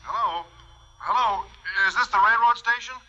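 A man's voice: very high-pitched, moderate pace, sharp tone, soft background music, exaggerated voice. An actor in a 1950s radio sitcom playing a mild, polite male schoolteacher. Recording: dull old radio broadcast with hiss.

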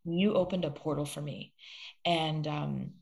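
A woman with a low, gravelly voice speaks as a podcast guest. She tells an emotional personal story in an earnest, rambling way, restarting her sentences often. Now and then she swears when something moves her. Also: steady tone, moderate pace, a little mellow. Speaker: guest, self-love coach.

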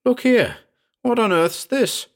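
A man's voice: mid-range voice, lively intonation, unhurried, voice pushed up. A man reading aloud, voicing a frightened young man whose voice rises and trembles. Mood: startled. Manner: urgent, voice rising and trembling.

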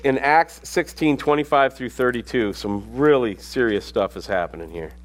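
A man's voice: medium pitch, normal speed. A middle-aged man preaching a sermon as pastor, reading scripture aloud and rising to sudden emphasis.

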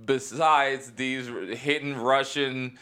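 A comedian chats as a guest on a podcast, laid-back and joking. His voice is bright and forward, with a clean, crisp tone. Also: medium pitch, steady tone, slow. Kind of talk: casual podcast chat.

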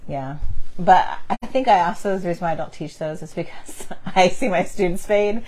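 A woman's voice: fairly low pitch, normal speed, a little mellow. A woman co-hosting a board game chat, talking casually and putting herself down with frequent laughs. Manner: chatty, self-deprecating, laughs often. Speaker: board game podcast co-host. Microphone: on camera, table mic.

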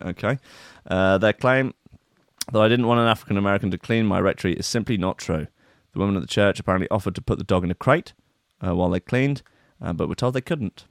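Sarcastic man with a low dry voice. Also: fast, gravelly, dry recording. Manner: sarcastic, incredulous asides between reading. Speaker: stream host. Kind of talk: commentary on a news story.

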